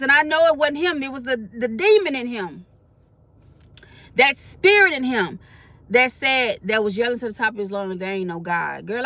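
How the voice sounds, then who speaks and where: Higher-voiced woman sharing an earnest faith testimony. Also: a bit bright. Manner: colloquial, earnest, slips into preaching. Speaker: faith vlogger. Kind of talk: spoken testimony to camera.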